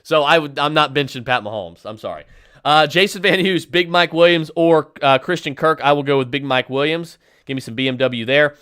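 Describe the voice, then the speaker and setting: A little high and fairly quick, his fairly bright voice is clear and resonant in clean studio audio with no room sound. The man hosts a podcast answering listeners, firing off emphatic, decisive fantasy football picks between fillers and restarts.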